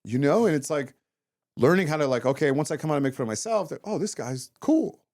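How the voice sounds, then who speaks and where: A man in his thirties talks quickly, his pitch leaping up and down as he tells stories. He acts out what people said to him and swears casually. The sound is dry and close. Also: no room sound. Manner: animated storytelling, acts out quotes, swears often. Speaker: guest, former fighter turned comedian. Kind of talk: casual interview chat.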